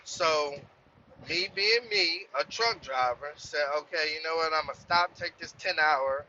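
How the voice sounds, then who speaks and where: Profane animated trucker man, bright tone. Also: a little high, a little slow, dull audio, slight background noise. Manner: profane, animated, heated when quoting himself. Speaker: truck driver vlogger. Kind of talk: casual storytelling rant.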